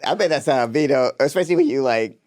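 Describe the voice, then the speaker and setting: A man's voice: mid-range voice, expressive, quick pace, a little mellow. A man co-hosting a podcast, recapping a TV episode in loose, playful chat, laughing often and slipping into voices. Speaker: podcast co-host.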